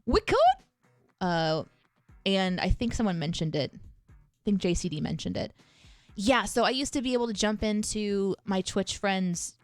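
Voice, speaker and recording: A woman hosting a live stream and chatting quickly through questions from her chat. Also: mid-range voice, smooth, no room sound. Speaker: streamer host.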